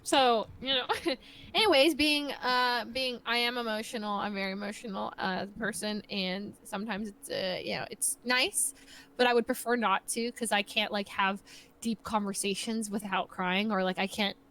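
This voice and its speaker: A woman's voice: mid-range voice, fairly even intonation, normal speed, a bit bright, a little hiss or hum. A young woman, a guest on a live stream, chatting candidly and laughing easily. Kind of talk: casual chat.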